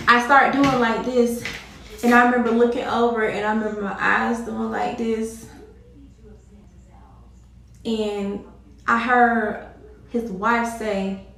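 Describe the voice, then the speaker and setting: A woman's voice: fairly high pitch, steady tone, takes it slowly, long pauses, fairly bright tone, recorded from a distance. A woman vlogger telling a personal story to her viewers in a casual, emphatic way, repeating herself and addressing them directly. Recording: very echoey room.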